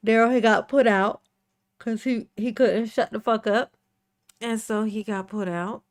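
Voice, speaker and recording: A woman's voice: a little high, fairly even intonation, a little slow. A woman hosting a casual livestream, playfully greeting chat viewers by name and breaking into bits of song. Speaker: livestream host.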